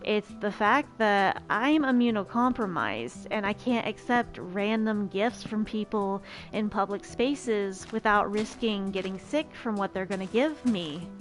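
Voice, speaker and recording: A woman's voice: medium pitch, expressive, unhurried, few pauses, soft background music. A woman streamer telling a casual personal story, chatty and emphatic, often restarting her sentences.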